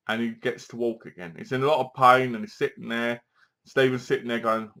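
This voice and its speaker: A man giving a casual, animated movie review, acting out lines from the film as he goes. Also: medium pitch, brisk.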